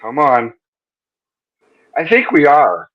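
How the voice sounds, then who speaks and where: A man with a fairly high voice hosts a live-stream interview over a video call, joking and rambling as he goes. The audio is dull and lo-fi. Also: huge pitch swings, takes it slowly. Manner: joking, rambling, self-correcting. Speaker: interview host.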